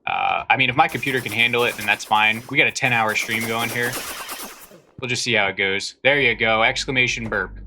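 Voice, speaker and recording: A male streamer talks loosely to his viewers from a home setup, reading their comments aloud and tossing off dry jokes. His voice is bright and forceful, with a faint noise under it. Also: mid-range voice, a little fast. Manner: chatty, reads and answers chat aloud with dry jokes. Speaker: livestreamer. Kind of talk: casual livestream chat.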